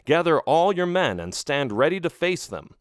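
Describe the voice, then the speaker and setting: A man's voice: a little high, big pitch swings, normal speed, dry recording, studio quality, voice pushed up. A man doing an agitated skeleton hero. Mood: urgent. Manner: urgent, raised and agitated. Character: young male skeleton hero, alarmed.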